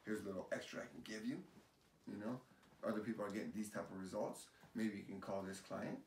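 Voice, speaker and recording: A realtor being interviewed, talking in an animated, rambling way and often repeating his phrases. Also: fairly low pitch, brisk. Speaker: realtor guest. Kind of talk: casual chat. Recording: roomy, distant mic, faint hiss.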